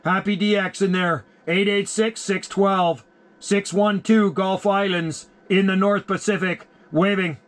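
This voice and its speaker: High-voiced guy on the cb radio, repeats his call sign, chill and friendly. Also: fairly even intonation, unhurried. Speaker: CB radio operator. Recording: loud radio static hiss.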